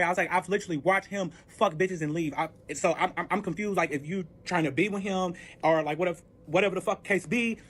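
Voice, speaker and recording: Man, quick and high-pitched, casual storyteller, curses nonstop, reenacts arguments. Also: fairly bright tone. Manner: profane, heated, reenacts arguments. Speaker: storyteller recounting a breakup.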